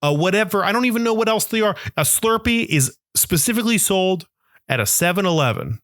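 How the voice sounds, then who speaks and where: A young man hosting a solo podcast, ranting in an animated, mock-outraged way and acting out imagined voices. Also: high-pitched, a little fast, no room sound, clean studio sound. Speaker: podcast host. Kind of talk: solo comedic rant.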